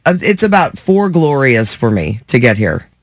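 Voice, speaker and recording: A man's voice: mid-range voice, big pitch swings, moderate pace, no room sound. A man hosting a radio morning show, chatting and laughing often with his co-hosts. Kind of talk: casual studio banter. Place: radio studio.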